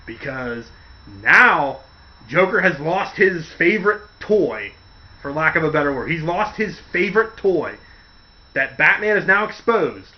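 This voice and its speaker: A man's voice: a little high, big pitch swings, measured pace, muffled recording. A man hosting a casual podcast, rambling through stories and acting out quotes along the way. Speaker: podcast host. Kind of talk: casual chat.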